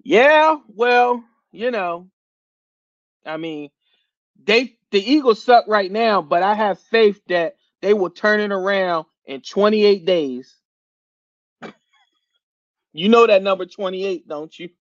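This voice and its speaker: A man's voice: sits high, slow, long pauses, dry recording, lo-fi sound. A man hosting a podcast, ranting casually about his team with slang, swearing and laughter. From Philadelphia area. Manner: animated, laughing, slangy and profane. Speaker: podcast host. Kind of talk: casual sports rant.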